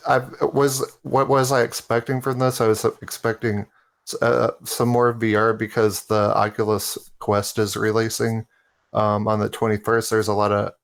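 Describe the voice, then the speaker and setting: A man on a casual podcast panel speaks in a somewhat low voice. His talk is laid-back and rambling, full of ums and restarts. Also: little pitch movement, moderate pace, creaky.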